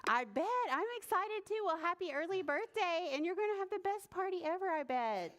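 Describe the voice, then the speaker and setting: Lively high-voiced woman leading preschool story time. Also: brisk. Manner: cheerful, sing-song, leads chants. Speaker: children's librarian.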